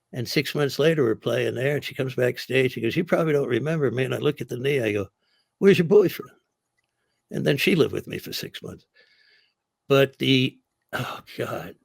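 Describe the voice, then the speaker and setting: Gravelly male raconteur, mid-pitch, dry booth sound, tells stories with voices. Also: no echo. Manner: gravelly, dry storyteller acting out other people's lines. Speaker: comedian telling stories. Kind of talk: casual storytelling.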